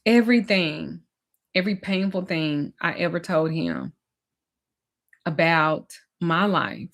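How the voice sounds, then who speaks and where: A woman's voice: fairly low pitch, animated, slow pace. A woman, a spiritual teacher and life coach, telling a personal story in a candid, emphatic, conversational way.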